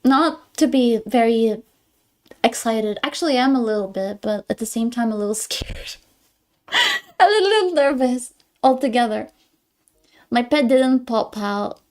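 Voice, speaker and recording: A fairly high-voiced woman chats casually on a live stream, greeting viewers and answering their messages. She giggles often and speaks with a non-American English accent. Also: expressive, unhurried, long pauses, darkish tone. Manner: chatty, giggly, reads chat aloud and greets viewers.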